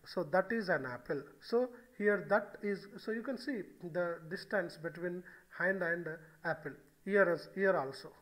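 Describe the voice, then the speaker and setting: A man delivers a recorded grammar lecture in a high voice. He explains step by step, repeats his examples and fills pauses with "okay" and "so". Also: a bit bright, low-quality recording. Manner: explanatory, repeats key phrases, frequent "okay" and "so". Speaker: English grammar teacher.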